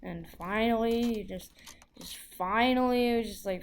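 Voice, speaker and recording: A woman's voice: a little high, fairly quick, slight background noise. A woman telling a story in a loose, casual way, full of "like" and restarts.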